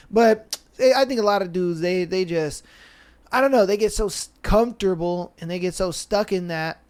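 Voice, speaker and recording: A young man hosting a podcast, chatting casually and reading listener stories aloud in a laid-back, slangy way full of fillers. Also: high voice. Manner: slangy and laid-back, heavy with fillers like "bro" and "you know". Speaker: podcast host.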